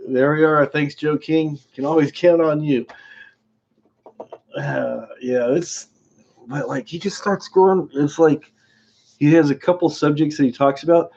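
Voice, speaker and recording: A man's voice: fairly high pitch, steady tone, unhurried, a little mellow. A man chatting casually on his live stream, rambling from one thing to the next and chuckling as he goes. He greets viewers by name. The sound is a bit dull and lo-fi.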